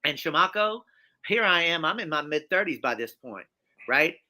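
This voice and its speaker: A man in his fifties tells his story to an interviewer, animated and emphatic, circling back with restarts and repeated phrases. His voice sits a bit high for a man and rings with a hard, piercing brightness. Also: normal speed. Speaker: interview guest.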